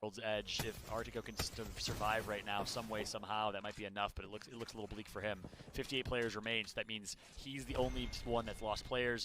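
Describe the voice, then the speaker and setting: A man doing energetic play-by-play commentary as an esports caster, rising to shouts on eliminations. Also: lowish voice, a little fast, background noise.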